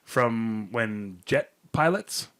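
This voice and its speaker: Low-voiced rambling male podcast co-host. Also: animated, drawn-out words, fairly bright tone, clear, resonant tone. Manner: meandering, tells made-up stories with many fillers. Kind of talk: casual rambling chat.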